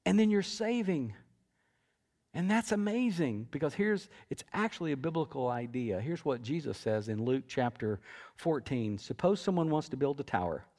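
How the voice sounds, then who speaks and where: A middle-aged pastor preaches to his church in a loose, conversational way, telling stories and doubling back on his words. His speaking voice sits a little higher than most men's. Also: big pitch swings, moderate pace, a little mellow. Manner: conversational, storytelling with asides and restarts. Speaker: senior pastor. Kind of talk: sermon. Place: church auditorium.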